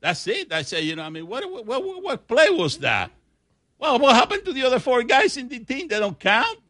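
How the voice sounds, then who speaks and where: A man's voice: extremely high pitch, big pitch swings, moderate pace, sharp tone. Older Cuban-accented man grumbling about sports. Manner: grumbling, repeats himself. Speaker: guest caller-in from the studio. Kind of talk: casual sports chat.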